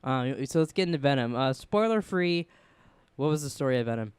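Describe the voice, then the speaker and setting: A man's voice: medium pitch, animated, clear, resonant tone, dry recording. A man co-hosting a podcast in casual chat, rambling and swearing with many restarts. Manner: fast rambling, profane banter with restarts. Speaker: podcast co-host.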